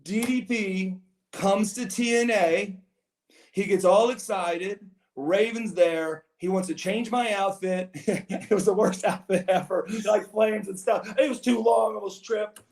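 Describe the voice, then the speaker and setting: A man's voice: sits high, steady tone, a little slow, creaky, a little mellow. A man guesting on a podcast, telling long meandering stories and often repeating his words. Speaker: podcast guest, former pro wrestler. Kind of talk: rambling storytelling. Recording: roomy echo.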